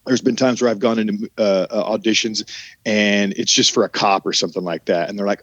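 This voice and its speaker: Southern guy with a low drawl, rambling, lots of restarts, dry kinda muffled audio. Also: fairly even intonation, quick pace, no room sound. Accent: Southern American drawl. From American South. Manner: rambling, many restarts and trailing sentences. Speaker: actor and podcast guest. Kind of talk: casual podcast interview.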